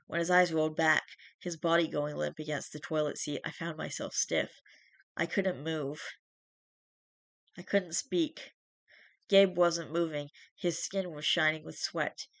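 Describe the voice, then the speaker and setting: First-person horror story reading, steady narration, small restarts, middle pitch, dry room. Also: normal speed, gravelly, no room sound.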